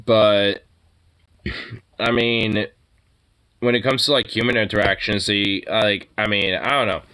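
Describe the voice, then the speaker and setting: A man's voice: lowish voice, fairly even intonation, takes it slowly, pushed and bright, clean tone. A man ranting casually about politics, profane and rambling, with lots of filler words. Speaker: podcast host.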